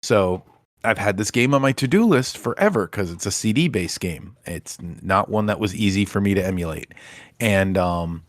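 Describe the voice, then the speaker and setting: Low-voiced man chatting about games. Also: normal speed, dry recording. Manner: relaxed, rambling, self-deprecating. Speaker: podcast co-host. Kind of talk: casual chat.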